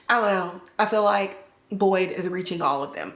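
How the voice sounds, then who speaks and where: A woman's voice: medium pitch, animated, moderate pace, a bit bright. A woman hosting a podcast, recapping a TV episode in casual slangy chat and acting out the characters' lines. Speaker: podcast host. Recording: roomy echo.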